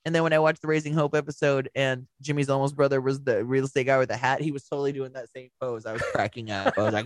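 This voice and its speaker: A man's voice: medium pitch, steady tone, fast talker, hardly any pauses. A man co-hosting a podcast in casual chat, laughing often as he jumps from one story to the next. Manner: chatty, laughs often, jumps between stories. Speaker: podcast co-host.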